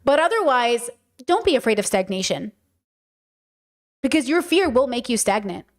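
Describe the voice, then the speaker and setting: A woman with a fairly high voice and wide swings in pitch hosts a podcast at a moderate pace. She answers chat questions casually and frankly, checking in with her listeners along the way, in the loose style of a livestream.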